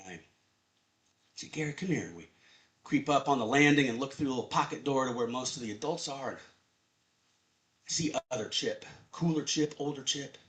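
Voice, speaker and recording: A man in his fifties telling a personal story at a live storytelling event, conversational and animated. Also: mid-range voice, moderate pace, pauses often. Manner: animated, conversational, acts out voices.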